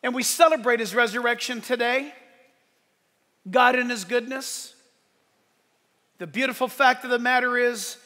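A male pastor preaching a sunrise service sermon, animated and shouting at the high points, with joking asides. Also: long reverb tail.

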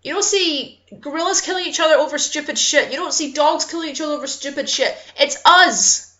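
A woman's voice: high voice, fast talker, a bit bright, highs cut off. A young woman, giving an impassioned, profane personal rant to her vlog audience. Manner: impassioned, swearing, apologizing for getting angry. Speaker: YouTuber.

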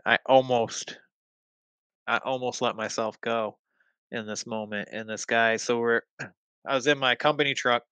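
A man telling a story as a podcast guest, swearing freely and throwing himself into the heated lines he quotes. His pitch sits mid-range for a man. The recording is close and dry, with no room sound. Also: smooth, no echo, poor audio. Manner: animated, profane, acts out heated quotes. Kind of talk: casual storytelling.

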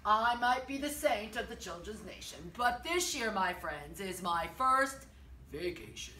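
A woman voicing a weary, grumbling old Santa Claus who complains loudly, read from a children's storybook. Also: mid-range voice, lively intonation, measured pace, slight background noise, pitched below the performer's own voice. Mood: grumpy, fed up. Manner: loud, complaining, declaiming. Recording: roomy, from a distance.

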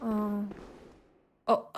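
A woman's voice: medium pitch, expressive, drawn-out words, a little hiss or hum. A woman streamer giving casual gameplay commentary, chatty and giggly, reacting aloud to what happens on screen. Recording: game music behind voice. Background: game music.

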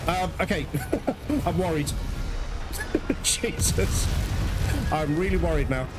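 A man's voice: on the high side, normal speed. A man doing let's-play commentary, exasperated and swearing often as he talks to his viewers. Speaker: gaming channel host. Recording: loud game music behind voice.

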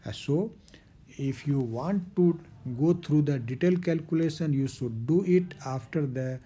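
A man giving a recorded physics lecture, repeating key terms slowly with fillers. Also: on the high side, dark tone, slightly rough.

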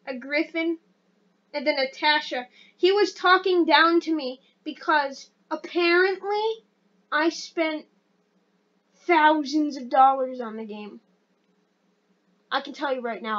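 High pitched girl rambling over her game, excitable, kinda self-deprecating, muffled lo-fi mic. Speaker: gaming channel host. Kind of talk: casual gameplay commentary.

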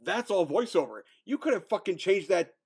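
A man co-hosting a casual film review podcast, talking with animated, profane energy. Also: high-pitched, normal speed, slightly rough. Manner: profane, animated, mocking impressions. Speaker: podcast co-host.

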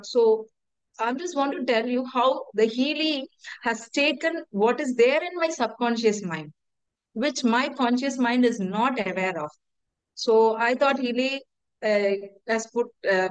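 Woman, middle-aged, smooth and somewhat high voice, earnest testimonial, dry sound. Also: unhurried, no room sound, low-quality recording. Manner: earnest, hesitant, repeats words. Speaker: testimonial speaker. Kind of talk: personal testimonial.

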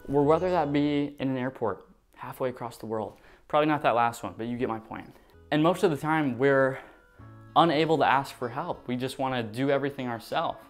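A young man tells a storytime vlog with animated, dramatic delivery, swinging from excited bursts to hushed moments. His voice sits at an average pitch. Soft guitar music plays faintly underneath. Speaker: vlogger.

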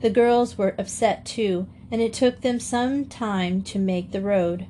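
A woman reads a classic children's story aloud in steady, even narration. Her pitch sits mid-range, and a faint hiss runs underneath. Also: unhurried. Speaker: audiobook reader. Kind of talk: scripted narration.

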